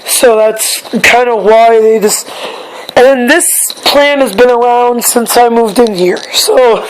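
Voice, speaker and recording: A young woman, a bit hoarse, talking in a casual personal vlog, halting and repeating herself as she searches for words. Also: fairly high pitch, slight background noise, rough recording. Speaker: vlogger.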